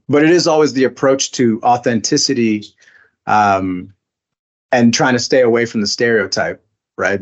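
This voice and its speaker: A man's voice: medium pitch, dull audio. A man being interviewed as a voice actor, talking casually with many fillers and restarts. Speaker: voice actor guest.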